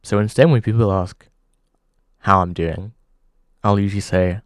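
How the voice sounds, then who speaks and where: A man hosting a comedy show, delivering a halting deadpan monologue full of pauses. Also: deep voice, dry recording, clean studio sound.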